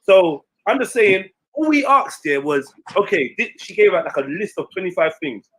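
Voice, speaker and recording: A man, telling a story in casual chat, animated and slangy, swearing freely and acting out what others said. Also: sits high, normal speed, breathy edge, low-quality recording. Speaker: stream panelist.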